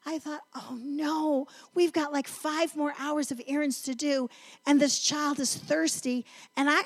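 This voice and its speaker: A middle-aged woman from North Carolina giving a sermon, telling a family story in an animated, emphatic way. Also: sits high, unhurried. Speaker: women's ministry speaker.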